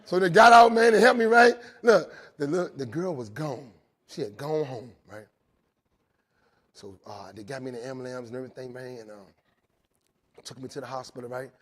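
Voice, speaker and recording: A man telling his recovery story to a live audience in a jail, animated, swinging between loud and quiet and often checking in with "right?". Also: medium pitch, normal speed. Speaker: recovery speaker. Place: jail, indoors.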